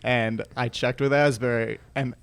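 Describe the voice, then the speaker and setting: Man, podcast guest, chuckling storyteller, dry close sound, mid pitch. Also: unhurried, gravelly, smooth, no room sound. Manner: lively storyteller, laughs through his stories. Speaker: former team employee, guest.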